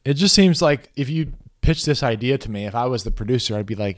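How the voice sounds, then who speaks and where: A man co-hosting a casual film review podcast, chatting in an animated way and acting out his own reactions. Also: mid-range voice, quick pace, no echo, studio quality. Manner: animated, acts out quoted reactions. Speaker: podcast co-host.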